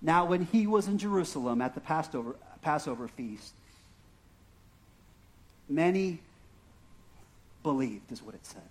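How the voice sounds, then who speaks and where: A man with an Arizona accent delivers a sermon in a notably high speaking voice. He talks like he's chatting with friends, poking fun at himself and checking in with the listeners as he goes. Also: animated, a little slow, pauses often. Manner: conversational and self-deprecating, frequent "right?" and "okay?". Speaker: pastor.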